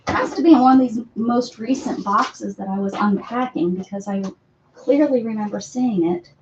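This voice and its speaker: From a cluttered room at home, a woman hosts a casual crafting livestream, chatting with viewers, apologizing to them, and cooing at her pets. Her voice is a little high with a darkish tone at a moderate pace, and the stream audio is dull and lo-fi with faint noise.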